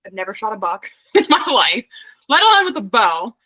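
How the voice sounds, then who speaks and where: Bright-voiced young woman telling a story. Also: medium pitch, normal speed, no room sound, low-quality recording. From Pennsylvania. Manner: animated, laughs often, heavy use of "like". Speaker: podcast guest, hunter. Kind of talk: casual storytelling.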